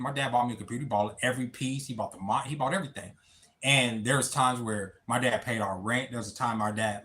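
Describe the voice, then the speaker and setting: Halting man near tears on a livestream. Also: medium pitch, bright, forceful tone. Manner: halting, repeats words, addresses viewers as y'all and bro. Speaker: livestream host. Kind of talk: emotional personal talk on a livestream.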